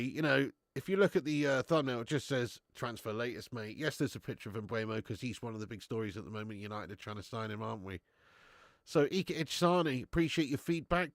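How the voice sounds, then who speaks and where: Studio-clean and dry, this recording captures a young man talking fast at a medium pitch. Nursing a cold, he hosts a casual live stream from his home garage, laughing, bantering in slang and reading out comments.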